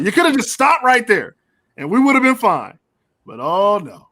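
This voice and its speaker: A man hosting a casual sports talk show, animated and joking, repeating phrases for emphasis. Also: sits high, brisk, dry recording.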